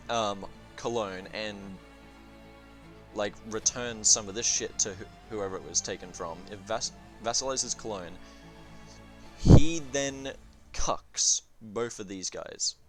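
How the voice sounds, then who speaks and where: Low-voiced man rambling over game music. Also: slow pace, fairly bright tone. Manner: rambling, profane, thinking aloud with many fillers. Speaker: strategy game reviewer. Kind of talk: casual gameplay commentary.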